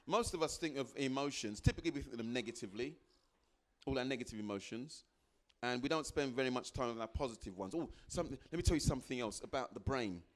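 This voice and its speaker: Animated man giving a motivational talk. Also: fast. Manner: animated, acts out little dialogues with sudden high jumps in pitch; repeats phrases for emphasis. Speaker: guest speaker. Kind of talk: motivational talk to a live audience.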